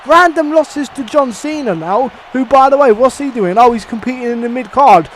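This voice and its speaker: A young man delivering a heated, profanity-filled rant as a wrestling video reviewer, breaking into shouts. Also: very high voice, moderate pace, slight background noise. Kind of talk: angry ranting review.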